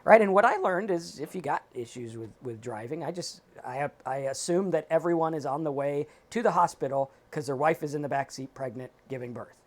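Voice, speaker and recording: A man co-hosting a recovery talk show, giving casual advice in an animated, emphatic way and acting out his own inner thoughts. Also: a little high, fairly quick, few pauses. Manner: animated, emphatic, talks in quoted self-talk. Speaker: podcast co-host.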